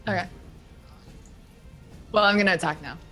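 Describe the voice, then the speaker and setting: A woman's voice: on the low side, normal speed, a bit bright, faint music behind. A woman playing a tabletop game, joking and giggly. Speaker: player.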